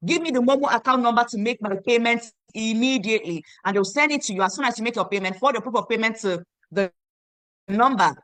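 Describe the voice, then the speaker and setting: A woman in her thirties from Nigeria, hosting an online meeting and giving an emphatic, repetitive sales pitch that urges listeners to act now. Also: fairly bright tone, dry recording. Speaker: online meeting host selling a program. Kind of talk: motivational sales pitch on a video call. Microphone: video call.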